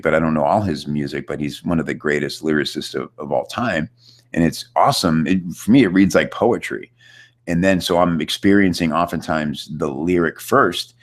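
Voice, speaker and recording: A man hosting a live online question-and-answer session, chatty and upbeat, talking loosely with plenty of fillers as he reads out viewer questions. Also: a bass voice. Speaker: host of a live online Q&A chat. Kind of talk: casual coaching chat, reading viewer questions. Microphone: computer setup with screen share.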